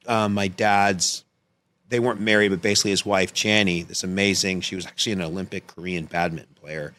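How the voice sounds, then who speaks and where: Low-voiced man telling a story. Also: a little fast. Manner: animated, rambling, profane. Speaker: podcast guest, filmmaker. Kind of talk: casual storytelling chat.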